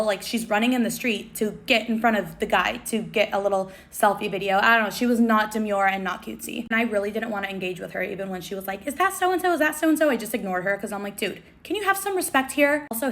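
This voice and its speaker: A woman's voice: medium pitch, a bit bright. A young woman, telling a story to camera in a chatty, breathless, dramatic way with lots of fillers. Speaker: vlogger. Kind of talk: casual storytime.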